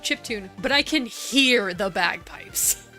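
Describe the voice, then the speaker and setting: A woman's voice: mid-range voice, expressive, takes it slowly, sharp tone, faint music behind. A woman streaming a game, chatting casually and laughing often. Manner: giggly, chatty, reads chat. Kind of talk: casual gameplay stream chat.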